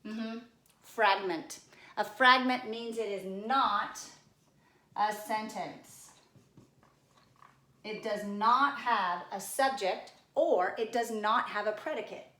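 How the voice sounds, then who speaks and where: A woman's voice: mid-range voice, slow, long pauses, pushed and bright, reverberant. A woman teacher giving a recorded grammar lesson, coaxing and addressing her class directly.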